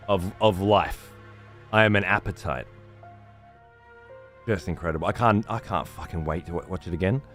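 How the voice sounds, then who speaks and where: Low-voiced man swearing through a rambling chat. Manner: rambling, heavily profane. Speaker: streamer. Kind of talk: casual chat while gaming.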